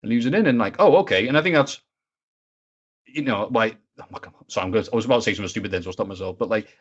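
A rapid man chatting as a podcast guest. He tells anecdotes animatedly and slips into mimicking others. The audio is muffled and lo-fi. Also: on the low side, slightly rough. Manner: animated, acts out voices in his stories, swears. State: sick, stuffy. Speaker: interview guest, video maker. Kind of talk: casual podcast storytelling.

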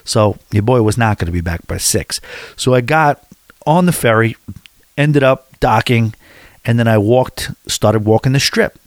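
A man's voice: mid-range voice, unhurried, dry recording, clean studio sound. Candid rambling man telling a story. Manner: rambling, candid, talks straight to the viewer. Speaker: travel storyteller. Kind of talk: casual anecdotal storytelling.

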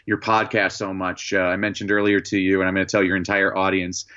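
Lively man telling anecdotes, dull sound. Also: deep voice, a little fast, clean tone. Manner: lively anecdotes, frequent "uh" fillers. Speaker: guest, educator and motivational speaker. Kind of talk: storytelling in a podcast interview.

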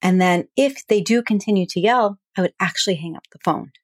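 A woman hosting an advice podcast as a relationship coach, talking calmly and plainly through examples. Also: mid-range voice, a little fast, dry recording, studio quality. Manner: calm, explanatory, acts out example dialogue.

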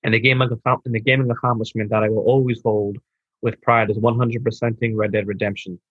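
A man's voice: on the low side, little pitch movement, quick pace, husky, dry recording. A laid-back man co-hosting a casual gaming podcast, chatting and reading a listener's message. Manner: laid-back, says bro, slurs over restarts. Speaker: podcast co-host. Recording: dull lo-fi mic.

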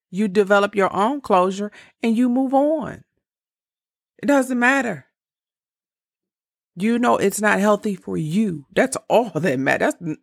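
A woman of about fifty talks through relationship advice in a slow, blunt, candid way and swears freely. Her voice is gravelly with a rough fry. The sound is dry and close. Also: mid-range voice, no echo. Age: around 50. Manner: blunt, profane, candid with laughing asides. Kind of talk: casual advice monologue.

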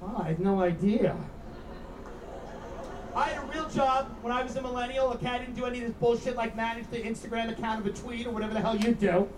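A brash stand-up comic from Long Island rants through his set, often laughing at his own jokes. He is a man with a very high voice, heard from far off. The sound is an echoey stage recording with clear room noise underneath. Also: fast talker. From Long Island, New York. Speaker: stand-up comedian. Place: theater stage.

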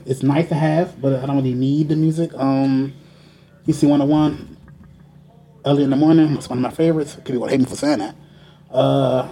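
A man's voice: a little high, mellow. A man, co-hosting a casual podcast chat, rambling with lots of fillers and casual swearing. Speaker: podcast co-host.

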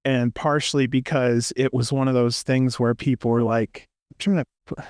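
A man's voice: medium pitch, fairly even intonation, moderate pace, a little mellow, dry recording, studio quality. Opinionated man ranting on a podcast. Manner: opinionated, rambling, acts out quotes. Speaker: podcast co-host. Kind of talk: casual podcast chat.

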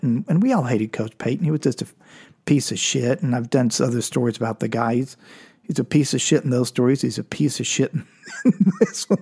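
A man's voice: medium pitch, a little mellow, breathy edge. A man in his sixties from Oklahoma, casually telling a rambling personal story with restarts and cursing. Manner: rambling, frequent restarts and profanity, chuckling.

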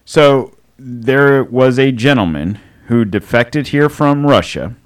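Man co-hosting a podcast, loose and jokey, mid-pitched, rambles in casual chat. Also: takes it slowly. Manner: joking, rambling, laughs often. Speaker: podcast co-host.

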